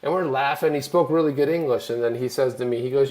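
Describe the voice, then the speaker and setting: An American man hosting a live online show, telling rambling, animated travel anecdotes in casual chat. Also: medium pitch, fast, hardly any pauses. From United States. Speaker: show host.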